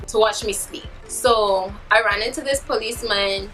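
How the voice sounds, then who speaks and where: A woman in her twenties telling a story in a vlog, animated and dramatic, acting out what people said. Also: mid-range voice, moderate pace, faint music behind. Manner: animated, dramatic retelling with acted-out quotes. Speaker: vlogger.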